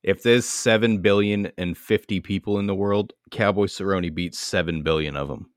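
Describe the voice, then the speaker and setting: A man's voice: deep voice, moderate pace, dry recording, clean studio sound. A man hosting a podcast, talking casually and enthusiastically and swearing freely. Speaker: podcast host.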